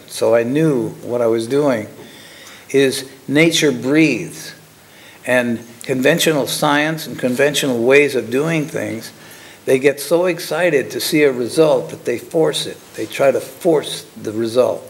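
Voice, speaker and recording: An older man who used to be a lab technician tells his story in a mid-range voice. He's casual and halting, chuckling frequently along the way.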